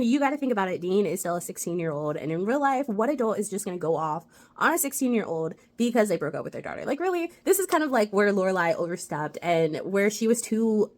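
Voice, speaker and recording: A woman giving a casual, chatty recap of a TV episode, retelling it with lots of "like" fillers. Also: medium pitch. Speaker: TV rewatch reviewer.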